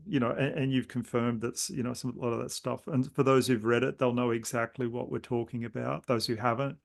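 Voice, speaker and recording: Gravelly podcast host. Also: male voice, medium pitch, fairly even intonation, a little fast. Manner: meandering, reflective storytelling. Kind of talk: casual conversational interview.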